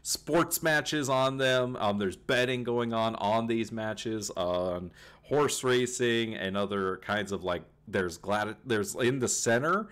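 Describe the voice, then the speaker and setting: A man's voice: mid-range voice, slow, hardly any pauses, fairly bright tone, clear, resonant tone. A man narrating a tabletop game as game master, rambling with many fillers, on a home computer mic.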